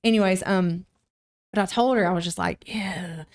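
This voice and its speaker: A young adult woman, a podcast guest, telling a story in a lively, casual way and acting out quotes with sudden jumps in pitch. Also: moderate pace.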